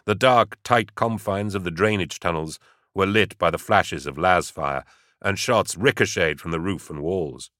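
A man narrating an audiobook in a steady, dramatic way. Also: low voice, a little slow, no echo, clean studio sound.

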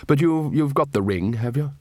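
A man's voice: medium pitch, animated, normal speed, mellow, dry recording, lightly acted. Man doing a bluff, hearty old wizard. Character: bluff hearty older male wizard chief.

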